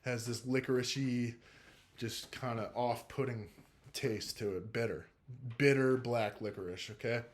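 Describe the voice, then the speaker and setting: Young adult man, relaxed first-person storyteller, profane and filler-heavy delivery. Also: medium pitch, unhurried. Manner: laid-back, profane, heavy use of filler "like".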